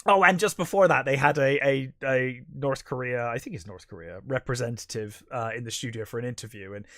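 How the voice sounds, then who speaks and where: A man's voice: medium pitch, brisk, a bit bright, dry recording, clean studio sound. A man co-hosting a podcast, recapping a film plot in casual chat, rambling with many fillers and restarts. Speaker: podcast co-host.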